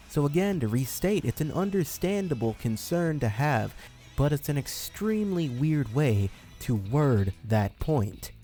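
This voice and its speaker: A man hosting a commentary video in a sarcastic, deadpan way, with dry asides. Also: mid-range voice. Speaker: YouTube commentator.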